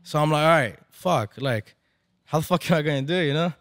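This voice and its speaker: A man's voice: on the high side, lively intonation, a little fast, fairly bright tone. Slangy, profane man telling a story. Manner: slangy, profane, mixes in Spanish. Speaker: barber event organizer, podcast guest. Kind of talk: casual storytelling chat. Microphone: podcast microphone.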